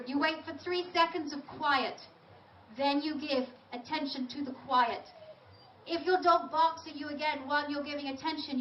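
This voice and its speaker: Woman trainer addressing a crowd, high and direct, recorded at a distance in a roomy hall. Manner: chatty, direct, emphatic. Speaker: dog trainer giving a lecture. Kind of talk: live lecture to an audience. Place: large event venue. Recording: roomy, distant, dull audio with faint noise.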